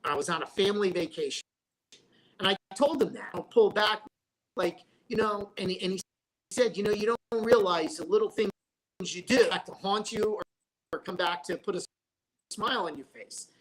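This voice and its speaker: A man's voice: sits high, moderate pace, a bit bright, poor audio. A man, a sports broadcaster and former restaurateur, chatting as a guest on a talk show. He rambles through stories and restarts his sentences often. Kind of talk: casual chat.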